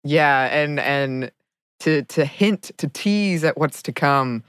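Very low-voiced playful woman host, dry sound. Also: slow pace, clear, resonant tone, no room sound. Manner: playful, laughs often. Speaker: podcast host and voice actor. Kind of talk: casual podcast chat.

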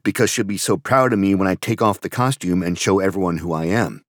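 A man's voice: deep voice, fairly quick, no echo, clean studio sound, close to an everyday voice. A man putting on a pleading, desperate woman. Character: anxious woman in a costume.

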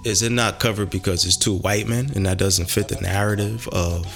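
A man in casual podcast chat, animated and rambling, with lots of cursing. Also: on the low side, normal speed, creaky, faint music behind.

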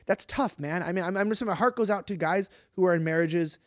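A man's voice: high-pitched, fairly quick, dry recording, studio quality. A man co-hosting a podcast, chatting casually and rambling with lots of fillers. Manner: rambling, animated, many fillers. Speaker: podcast co-host. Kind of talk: casual live-stream chat.

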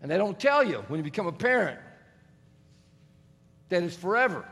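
A man's voice: high-pitched, sing-song, moderate pace, a bit bright. A middle-aged man preaching a sermon, telling family stories with humor and acting out the voices of others. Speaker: pastor. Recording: long reverb of a large hall.

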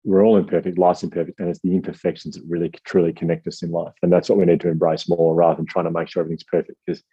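A man telling a rambling, self-deprecating story as an author guest, quoting people in lively voices. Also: low-pitched, rapid-fire, husky, muffled recording. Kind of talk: casual storytelling.

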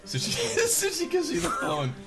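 A man's voice: extremely high pitch, moderate pace, loud music behind the voice. A man in his thirties, a radio host, telling a funny story with lots of laughter. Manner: animated, laughing as he tells. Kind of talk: comic storytelling.

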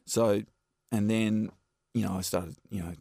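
A man's voice: lowish voice, fairly even intonation, unhurried, gravelly, warm tone, dry recording, studio quality. A man with an Australian accent, a stuntman guest telling rambling anecdotes in a casual interview. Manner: laid-back, rambling anecdotes with many fillers.

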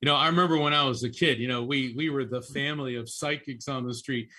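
A man who is a psychic medium, giving animated, chatty readings on a call-in show and often repeating names as he goes. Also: medium pitch, fast.

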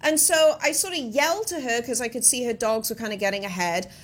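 A woman with a British accent, co-hosting a talk radio show. She tells stories in an animated, casual way. Her voice sits fairly high. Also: a little fast, few pauses, breathy edge. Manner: animated storyteller. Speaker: radio co-host. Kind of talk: casual banter. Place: radio studio.

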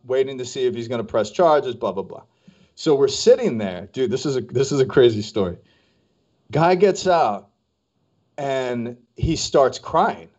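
A man's voice: mid-range voice, darkish tone. A man casually telling a story on a podcast as a co-host, acting out the voices of people he quotes. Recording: dull lo-fi podcast audio.

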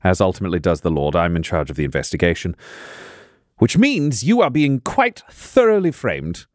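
A man at a tabletop game, speaking measured and deliberate, like an investigator laying out a case. His voice is lowish but swings up and down a lot, and the sound is dry and close. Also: sing-song, no room sound. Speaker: player. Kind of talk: in-character tabletop play.

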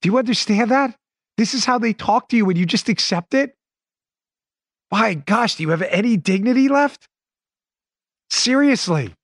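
A man hosting a political commentary show, talking in an animated, sarcastic and emphatic way. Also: high voice, moderate pace, pauses often, dry recording, clean studio sound. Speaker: podcast and radio host.

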